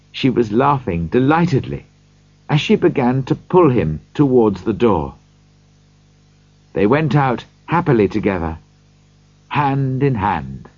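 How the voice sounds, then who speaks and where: A man reading a storybook aloud slowly and expressively. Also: mid-range voice, very animated, darkish tone, breathy edge, no echo. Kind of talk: storybook narration. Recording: dull dry lo-fi recording.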